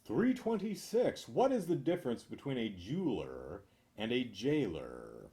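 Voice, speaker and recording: Slow deadpan male joke reader with a lively, swooping delivery and dry asides. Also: medium pitch. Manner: deadpan, dry asides, chuckles at own jokes. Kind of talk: reading jokes aloud with asides.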